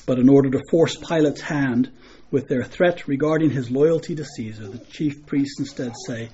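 Earnest preacher, muffled recording. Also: male voice, medium pitch, moderate pace, warm tone, slight background noise. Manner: earnest preaching with frequent restarts and repeated phrases. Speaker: pastor. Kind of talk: sermon.

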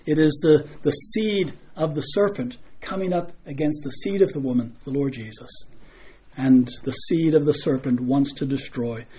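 A man's voice: fairly high pitch, slightly rough. A man preaching a sermon in an earnest way, often restarting and repeating phrases. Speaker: pastor. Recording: muffled lo-fi recording.

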